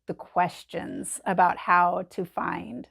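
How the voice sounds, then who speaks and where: A woman's voice: lowish voice, level tone, slow pace, creaky, a bit bright, breathy edge. A woman co-hosting a casual podcast, chatting in an easygoing way with many fillers. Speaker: podcast co-host.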